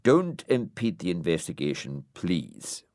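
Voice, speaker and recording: A man's voice: deep voice, sing-song, measured pace, a little mellow, dry recording, exaggerated voice. A man voicing a pompous, self-important male dog in a storybook, speaking in a lofty manner.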